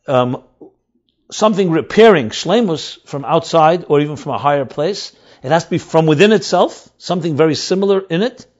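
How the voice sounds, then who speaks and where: A man teaching as a rabbi, explaining texts emphatically, repeating and rephrasing key words, with Hebrew terms mixed in. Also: on the high side. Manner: mixes in Hebrew and Aramaic terms. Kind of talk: explanatory Torah lecture. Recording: dull lo-fi recording.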